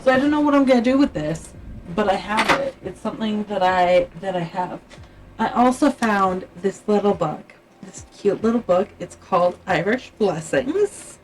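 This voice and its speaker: A woman's voice: medium pitch, lively intonation, normal speed, poor audio. A Canadian woman chatting casually on her livestream, musing aloud and often trailing off mid-thought.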